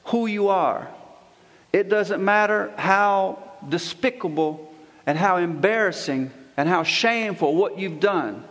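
A male pastor preaching a sermon, repeating phrases for emphasis with emphatic pauses. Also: high-pitched, gravelly, long reverb tail.

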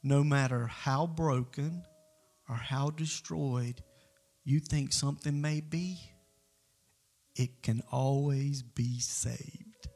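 A man playing a kindly grown neighbor who binds books, speaking softly and reassuringly in a retold sermon story. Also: on the high side, slow pace, faint music behind. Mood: earnest.

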